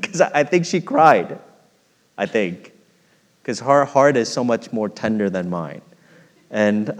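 A middle-aged man preaching a sermon in an earnest, storytelling way, swelling louder when stirred and dropping soft when reflective. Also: medium pitch. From United States. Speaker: pastor. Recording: long hall reverb.

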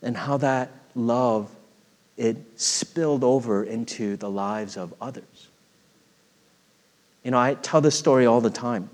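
A middle-aged man preaching a sermon in an earnest, storytelling way, swelling louder when stirred and dropping soft when reflective. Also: medium pitch, measured pace, long pauses. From United States. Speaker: pastor. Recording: long hall reverb.

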